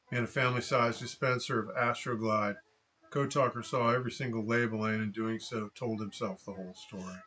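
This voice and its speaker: A man reading a story aloud in steady, dry scripted narration. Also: lowish voice, rough recording.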